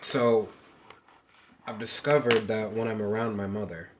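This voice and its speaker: On a laid-back podcast, a male co-host with a fairly low voice tells family stories at an unhurried pace, with background noise behind him. He's animated and profane, swearing a lot and acting out the quotes.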